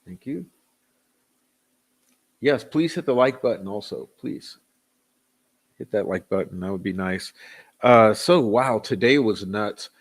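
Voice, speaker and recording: Greeting viewers by name from the chat, this livestream host rambles casually with chuckles and filler words. His voice sits low, his intonation is lively, and he takes his time, leaving long pauses.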